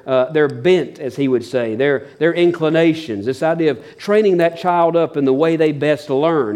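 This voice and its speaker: A man's voice: fairly high pitch, warm tone. A middle-aged man preaching a sermon as pastor, earnest, often repeating words as he restarts.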